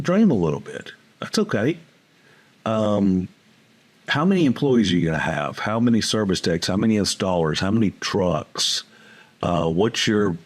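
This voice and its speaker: A man with a low, husky voice speaks as a business coach in a relaxed interview. He is plainspoken and folksy and tells stories from his client calls. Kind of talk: casual interview talk.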